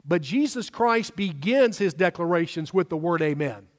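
A pastor delivers his sermon in a raised, high-pitched voice, pressing hard on the words he wants to land. The sound carries the long reverb of a large church hall. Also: lively intonation. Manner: emphatic, slows down for stress.

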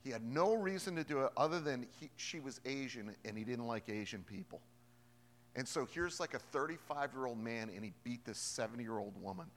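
A man preaching a sermon as a pastor, moving between hushed storytelling and loud, emphatic preaching. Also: medium pitch, a little fast, slight background noise. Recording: long hall reverb.

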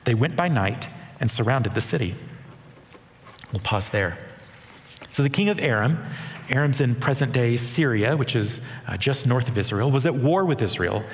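A man's voice: medium pitch, expressive, normal speed, long pauses. Earnest male preacher in a reverberant hall. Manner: earnest, with light humor. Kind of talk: sermon with scripture reading.

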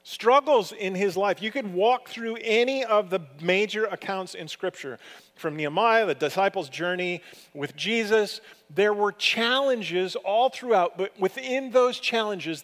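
A man preaching a sermon as pastor, telling stories in a conversational way with lively swings of pitch and loudness. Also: a little slow, long reverb tail.

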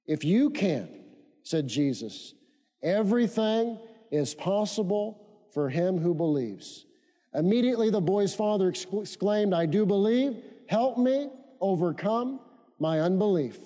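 A male pastor delivers a sermon in a high yet mellow voice, hammering key phrases through repetition and calling on the congregation to repeat after him. His voice carries a long reverb, as if recorded in a large church hall. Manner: emphatic repetition, leads congregation in call-and-response.

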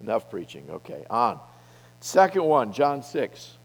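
A middle-aged man preaching a sermon to a men's gathering, speaking boldly and emphatically, with his loudness rising and falling widely. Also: medium pitch, huge pitch swings, a little slow, vocal fry. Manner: bold, emphatic preaching with wide swings in loudness. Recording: long reverb of a hall.

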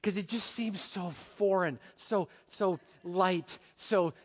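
A pastor preaching a sermon, animated, dropping to a hush and rising to a shout. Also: male voice, high-pitched, takes it slowly, in a large hall. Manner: animated, swings from hushed to shouting.

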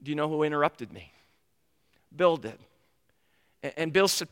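A man preaches from a pulpit, spinning a story with lively energy. His voice sits a little high and rings bright and forceful. His words trail off into the long echo of a large hall. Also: normal speed, pauses often, clear, resonant tone. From United States. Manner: animated storyteller who acts out the dialogue he retells. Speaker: pastor. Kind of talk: storytelling sermon.

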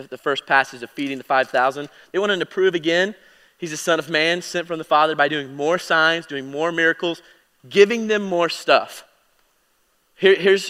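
A man teaching a Bible lesson in a casual sermon style, full of fillers and self-corrections, with emphatic swings in loudness. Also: on the high side, clean tone, big-room sound. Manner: emphatic, swinging louder and quieter.

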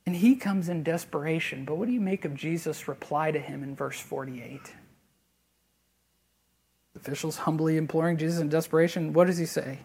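A man preaching a sermon as pastor, earnest and conversational, rising to loud emphasis and then dropping to a hushed near-whisper. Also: a little high, normal speed, slightly rough. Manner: conversational, with fillers and restarts.

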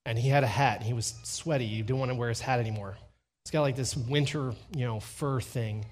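A middle-aged man preaching a sermon, telling a family story with lively quoted dialogue and slowing down to stress key lines. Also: mid-range voice. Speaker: pastor.

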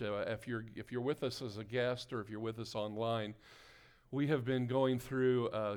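A pastor preaching a sermon and praying before his congregation, calling for amens and building to emphatic exhortation. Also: mid-range voice. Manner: call-and-response, rising to emphatic exhortation. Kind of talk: sermon with prayer. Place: church sanctuary before a congregation.

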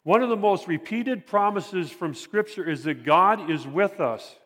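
A man's voice: high voice, lively intonation, fairly bright tone. Earnest older man preaching in a reverberant hall. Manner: earnest, halting, repeats phrases for emphasis. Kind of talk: sermon. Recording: long reverb of a large hall.

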